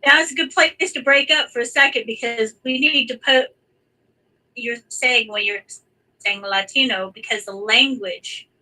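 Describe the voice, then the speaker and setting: An American woman hosting a live online chat, talking in a chatty, halting way with many restarts. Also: fairly high pitch, sharp tone, recorded from a distance, low-quality recording. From United States. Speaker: host.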